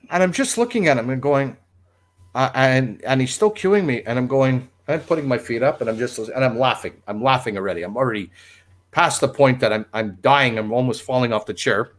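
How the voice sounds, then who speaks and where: Speaking a little fast in a mid-range voice, a former radio producer rambles through a long livestream story. He's animated and keeps laughing at what he's telling.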